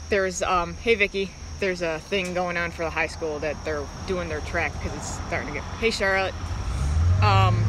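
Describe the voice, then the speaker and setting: A woman chatting casually on a live stream, talking in halting, rambling stretches and breaking off to greet viewers by name. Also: lowish voice, fairly bright tone, slight background noise, poor audio.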